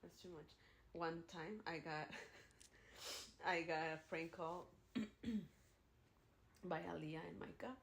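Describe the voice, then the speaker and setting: A woman's voice: low voice, takes it slowly, pauses often. A young woman co-hosting a podcast, telling a story casually and slipping in Spanish phrases. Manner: relaxed, drops in Spanish phrases. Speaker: podcast co-host.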